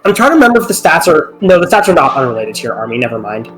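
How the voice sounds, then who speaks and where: A man's voice: on the high side, big pitch swings, very fast, a bit bright, soft background music, low-quality recording. A man co-commenting on a game stream in a chatty way, often correcting himself mid-thought.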